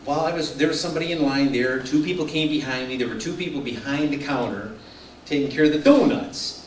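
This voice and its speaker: A middle-aged man giving a casual sermon-style talk to a group, a lively storyteller who laughs along with his own stories. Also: mid-range voice, quick pace. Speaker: speaker addressing a group. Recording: roomy, distant mic, faint room noise.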